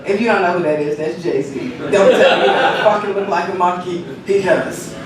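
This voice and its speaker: A man with a high voice works through a comedy set at a moderate pace, crowd noise audible around him. He swears freely, tells stories with lots of energy, and laughs at his own jokes; the recording is echoey, noisy, and far from the mic.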